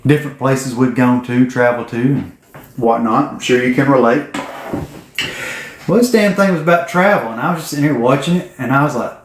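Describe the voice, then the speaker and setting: A man's voice: medium pitch, a little fast, a little hiss or hum. A man tells a story to camera in a blunt, folksy, profane way. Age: 40s. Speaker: vlogger. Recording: roomy echo.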